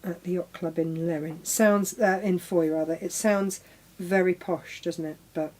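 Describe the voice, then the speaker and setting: A woman's voice: lowish voice, steady tone, measured pace, a little mellow. A middle-aged woman hosting a live sewing demonstration, chatting casually, talking to her tools and exclaiming as she goes. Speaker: crafting show host.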